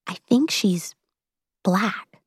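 A woman's voice: normal speed, no room sound, clean studio sound, close to an everyday voice. A woman voicing a chatty, eager young female coworker who drops her voice to gossip. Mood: conspiratorial. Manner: gossipy, lowers voice conspiratorially.

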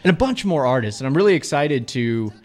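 A man co-hosting a radio show, telling an absurd story in a rambling, mock-earnest, deadpan way. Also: medium pitch, fairly quick. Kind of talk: improvised comedic radio banter. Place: radio studio.

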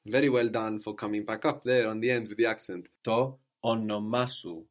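A man teaching a language lesson, patiently prompting and repeating answers slowly. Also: mid-range voice, expressive.

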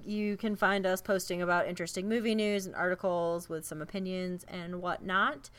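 A woman's voice: lowish voice, steady tone, normal speed, fairly bright tone, smooth. A woman co-hosting a podcast in casual chat, rambling through announcements and laughing often. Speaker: podcast co-host.

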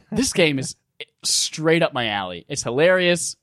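Animated, foul-mouthed podcast host. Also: male voice, on the high side, slow pace, no room sound, studio quality. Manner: animated, profane, laughing storyteller. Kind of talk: casual gaming podcast chat.

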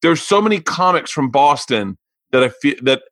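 Rambling podcast host. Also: male voice, on the high side, expressive, a bit bright, no echo. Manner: rambling, quick run-on questions. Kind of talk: casual remote interview chat. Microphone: remote call mic.

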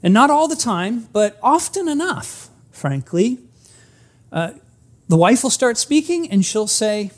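A pastor giving an earnest sermon, slowing down for emphasis and acting out a story. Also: medium pitch, very animated. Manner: earnest, emphatic, acts out stories; frequent restarts, slows for emphasis.

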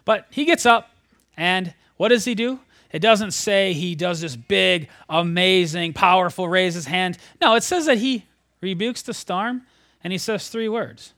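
A man preaching a sermon, retelling a scripture story in a conversational, animated way, sometimes dropping almost to a whisper. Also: sits high, unhurried, long pauses, no room sound.

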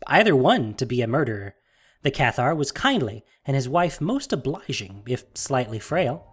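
A narrator reading a fantasy story aloud in a measured, steady storytelling manner. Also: mid-range voice, breathy edge, soft background music.

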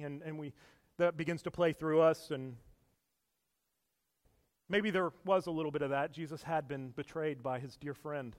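A man with a high voice preaches a sermon in a church, earnest and emphatic, dropping to a hush and then rising loud again. He stumbles and repeats words now and then, with small laughs in between. His voice rings out with a long echo through a large hall. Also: steady tone, normal speed, pauses often. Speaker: pastor. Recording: echoey hall with long reverb.

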